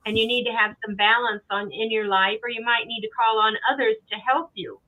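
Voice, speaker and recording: A woman's voice: a little high, steady tone, a little fast. A woman guest tarot reader chatting casually and reading card meanings aloud. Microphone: remote call. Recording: tinny phone-like call audio.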